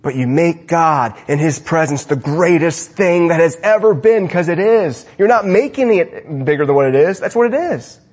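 A man preaching a sermon in a church, his voice a little husky and pitched somewhat high for a man. He swings between emphatic, raised lines and quiet, hushed asides as he addresses his congregation. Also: normal speed, few pauses. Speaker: pastor. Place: church sanctuary.

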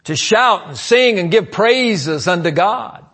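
A man preaching a sermon, calling out "amen?" to the congregation and swinging between loud emphatic lines and low asides. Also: animated, slow, breathy edge. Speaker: pastor.

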